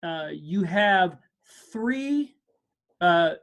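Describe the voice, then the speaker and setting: A man teaching percussion over a video call, speaking casually and encouragingly. He counts beats aloud and corrects himself as he goes, in a relaxed class tone. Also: high-pitched, extremely slow. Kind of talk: online music lesson. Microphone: video call mic.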